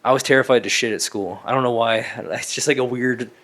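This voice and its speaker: Young male podcast co-host, chatty, animated storyteller, mid pitch. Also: fairly quick. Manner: animated storytelling with swearing and voiced asides. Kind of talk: casual chat.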